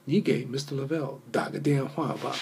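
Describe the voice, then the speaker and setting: A man's voice: mid-range voice, fairly quick, vocal fry, noisy background. A man teaching a recorded language lesson, explaining step by step with fillers and patiently repeating phrases for learners to echo. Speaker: Mandarin teacher.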